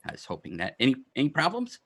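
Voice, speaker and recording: A man voicing a small, fussy male gnome alchemist who runs a shop, stammering and hurried. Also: medium pitch, huge pitch swings, a bit bright, voice pushed up, heavily acted. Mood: eager.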